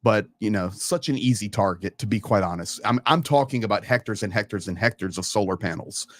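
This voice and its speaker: A man's voice: lowish voice, a little fast. A man talking in a casual live stream, earnest and emphatic, often repeating words to stress a point. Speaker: live stream guest commentator.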